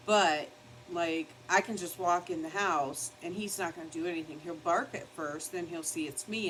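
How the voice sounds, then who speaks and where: A woman's voice: sits low, a bit bright, slight background noise, poor audio. An older woman chatting casually while doing her makeup at her home vanity, rambling and now and then scolding her dog. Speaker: beauty vlogger. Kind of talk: casual get-ready-with-me chat.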